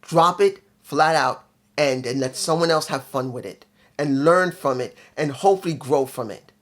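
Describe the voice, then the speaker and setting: On his own channel, a man gives a casual spoken review of a show, blunt and emphatic with dry sarcasm, often repeating his points. His voice is on the high side and moderately paced.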